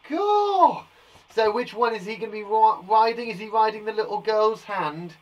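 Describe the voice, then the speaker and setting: A man in his thirties with an English accent, teaching young children in a playful, animated way, asking them questions as he goes. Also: high voice, brisk, lo-fi sound. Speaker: primary school teacher. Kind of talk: children's lesson video. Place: garden shed classroom.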